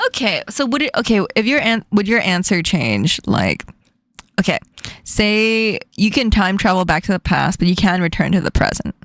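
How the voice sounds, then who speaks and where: A woman hosting a casual stream chat, playful and quick to laugh, asking her guest questions. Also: mid-range voice, big pitch swings, fairly bright tone, dry recording, clean studio sound. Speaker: streamer host.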